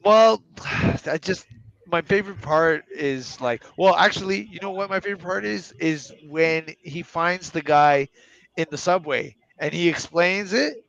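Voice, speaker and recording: A man's voice: fairly high pitch, unhurried, creaky, fairly bright tone, no echo, highs cut off. A man in casual chat about a movie, easygoing and hesitant, often laughing.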